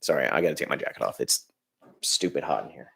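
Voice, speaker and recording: A man's voice: a bass voice, expressive, quick pace, gravelly, a bit bright, slightly rough. A man hosting a casual livestream, rambling and ranting about filmmaking with lots of restarts and reading chat comments aloud.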